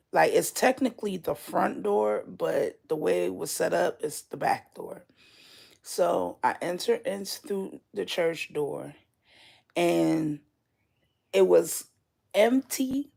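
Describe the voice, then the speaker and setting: A woman's voice: lowish voice, gravelly, darkish tone, breathy edge. A woman telling a personal dream story casually and candidly, swearing freely as she talks. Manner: slow and drawn out. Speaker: vlogger.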